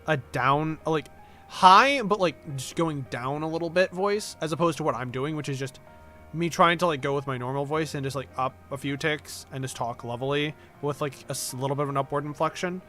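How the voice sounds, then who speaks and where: A man's voice: a little high, brisk, sharp tone, soft background music. A man streaming a game, chatting casually in a rambling, self-deprecating way. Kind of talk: casual gameplay commentary.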